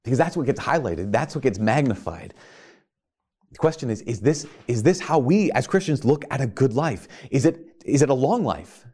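A male priest giving a sermon in an earnest way, full of rhetorical questions. His voice sits at a mid pitch, and he often stops and restarts his phrases as he builds a point. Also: lively intonation, moderate pace, mellow, husky.

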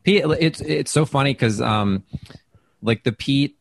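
A man who does stand-up, telling stories in a casual interview, chatty and self-deprecating, with lots of fillers and restarts, and he acts out quoted lines with big jumps in pitch. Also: expressive, slow pace, creaky, dry recording. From Wisconsin. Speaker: stand-up comedian, guest. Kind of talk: casual interview talk, storytelling.

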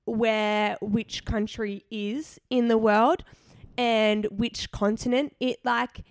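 A woman's voice: fairly high pitch, level tone, slow pace, no echo, studio quality. A young Australian woman co-hosting a podcast, chatting playfully and filling her talk with "like". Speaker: podcast co-host. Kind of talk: casual chat.

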